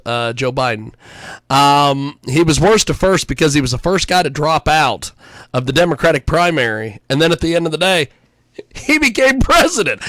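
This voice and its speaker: A man's voice: fairly high pitch, fairly bright tone, no echo. A man hosting a radio interview, chatty and easygoing, laughing often and tripping over his words. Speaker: radio host. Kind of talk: casual interview chat.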